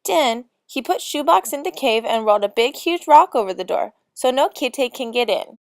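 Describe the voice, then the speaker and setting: A woman reads a comic storybook in mock-solemn lolcat speak. Her voice sits a bit high. The recording is dry and close, with no room sound. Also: animated, moderate pace, vocal fry, dry recording. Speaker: narrator.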